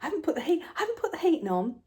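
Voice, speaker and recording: A woman's voice: very high-pitched, very animated, very fast, a little mellow. A woman chatting casually at home while she stitches, talking to her pets as she works. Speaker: embroidery vlogger.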